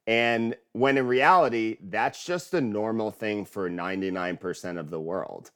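A man's voice: fairly low pitch, a little slow, few pauses, a bit bright, clean tone. A man on a podcast in casual chat, self-mocking and earnest, who draws out the words he stresses.

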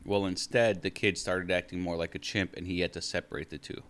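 A man's voice: deep voice, fairly even intonation, fairly quick, fairly bright tone. A man in casual chat, rambling and restarting his sentences.

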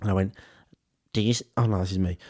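A man's voice: deep voice, steady tone, fast, darkish tone. A young British man co-hosting a podcast, telling a story and acting out both sides of a chat with frequent laughter. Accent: British English. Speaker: podcast co-host.

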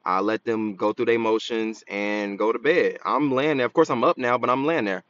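A man's voice: mid-range voice, normal speed, a bit bright, highs cut off. A man co-hosting a podcast, telling a story in a laid-back, joking casual chat. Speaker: podcast co-host.

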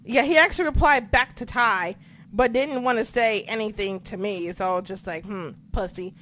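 A young woman on a podcast, telling stories in a casual, profane, animated way. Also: fairly high pitch, normal speed. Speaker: podcast co-host. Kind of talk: casual chat.

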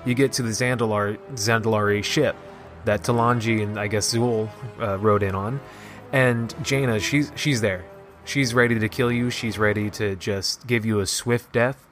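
A man casually recapping a video game story, excited and rambling, with lots of "like" and restarts. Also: medium pitch. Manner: excited, rambling, heavy use of "like". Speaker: gaming video host.

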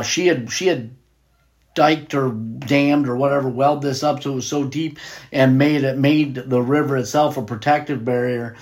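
A man's voice: medium pitch, a little mellow. A man teaching a Bible study in a casual, conversational way, reading scripture and wandering off on tangents.

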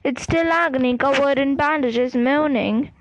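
A woman voicing a gruff, miserable half-giant man who has been drinking, speaking thickly and dully in a storybook reading. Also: high voice, normal speed, a little hiss or hum, lightly acted. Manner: thick, dull, glum speech.

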